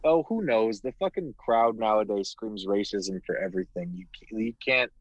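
A man's voice: on the low side, normal speed, dry recording, lo-fi sound. A man in casual podcast chat about wrestling, blunt and opinionated, swearing freely and restarting sentences.

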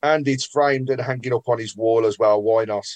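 A man's voice: mid-range voice, fairly even intonation, moderate pace, no room sound. A man hosting a casual chat, reading out listener questions. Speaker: host.

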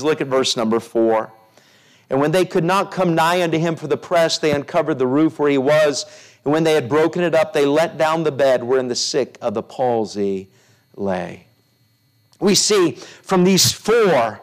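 A middle-aged man, a pastor, preaching a sermon, building repeated phrases up and dropping softly into stories. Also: on the high side, moderate pace. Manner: preaching with rising repeated phrases and soft storytelling drops.

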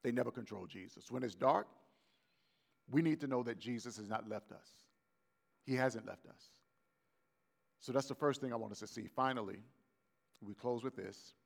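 A man's voice: mid-range voice, moderate pace, vocal fry, pauses often. A man, the pastor, preaching a conversational sermon and acting out the voices of biblical figures.

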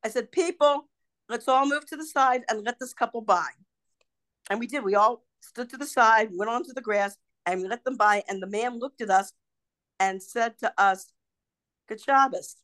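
An older woman, the host's mother appearing as a podcast guest, tells stories in a casual video-call chat. She is an animated storyteller who acts out quoted voices, speaking at normal speed in a fairly high voice on a dry recording.

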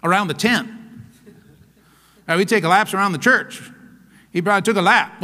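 Lively high-pitched preacher man in a reverberant church. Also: moderate pace, long pauses. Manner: animated, playful preaching with laughs and acted-out asides. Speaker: pastor. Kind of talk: sermon.

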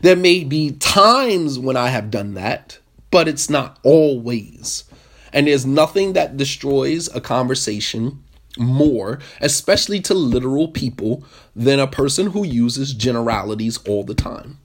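A man giving a lively, interactive talk on marriage to a group, questioning the audience and repeating points for emphasis. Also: medium pitch, unhurried. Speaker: marriage workshop speaker.

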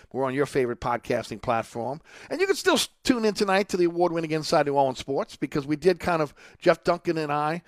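A man's voice: fairly high pitch, dry recording, clean studio sound. A man hosting a sports radio talk show and reading live ads, rambling and leaning on "uh" and "again". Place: radio studio. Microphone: studio microphone.

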